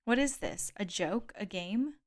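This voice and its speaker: A woman voicing a bitter, wounded woman who speaks in a low, flat, accusing tone, read from an audiobook. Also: moderate pace, no echo, studio quality, close to an everyday voice. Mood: hurt, contemptuous.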